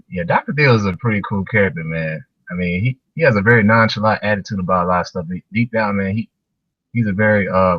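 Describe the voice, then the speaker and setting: A man's voice: sits low, a bit bright, husky, no echo, lo-fi sound. A man who is a guest on a casual podcast, talking about an anime in a laid-back way, sprinkling his talk with "you know" and "man".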